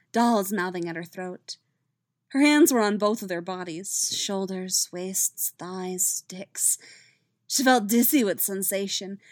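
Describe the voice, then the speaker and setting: A woman reading fan fiction aloud as a podfic, with soft, steady storytelling. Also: mid-range voice, no echo, studio quality. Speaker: podfic reader.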